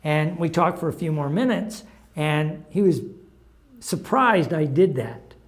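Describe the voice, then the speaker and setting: A man's voice: on the high side, expressive, a little slow. A middle-aged man giving an informal talk on recovery steps, sharing stories in a conversational, anecdotal way. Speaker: recovery program speaker.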